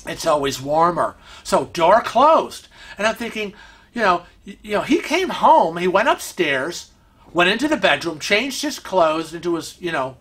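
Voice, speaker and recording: A man hosting a vlog, telling a story at home in an animated, chatty way. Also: sits high, slightly rough. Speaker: vlog host. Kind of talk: casual storytelling. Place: family room at home.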